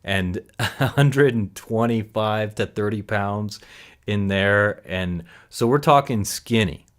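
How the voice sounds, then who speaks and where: Rambling low-voiced man in his forties. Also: takes it slowly. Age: 40s. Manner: rambling, self-correcting, musing aloud. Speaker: recovery vlogger. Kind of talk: reflective casual monologue.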